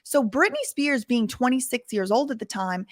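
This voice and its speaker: A woman's voice: on the high side, sing-song, moderate pace, dry recording, studio quality. A woman hosting an investigative commentary, speaking emphatically and repeating points for stress. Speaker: commentary channel host.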